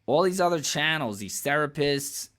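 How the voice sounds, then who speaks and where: A man's voice: fairly high pitch, animated, moderate pace, fairly bright tone. A man hosting a reaction video, talking candidly and at length in a rambling, profane way and laughing often. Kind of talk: casual reaction commentary.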